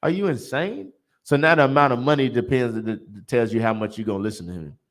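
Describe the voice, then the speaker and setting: A man's voice: medium pitch, fast, a bit bright. A man teaching a religious class in a blunt, emphatic, preachy way, repeating lines for effect.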